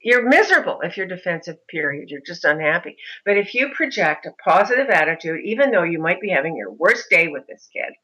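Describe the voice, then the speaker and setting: A middle-aged woman, a mother of a son with a disability, telling her story in an interview in an animated way. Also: lowish voice, brisk, few pauses, breathy edge, rough recording. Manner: animated, mimics other voices in anecdotes.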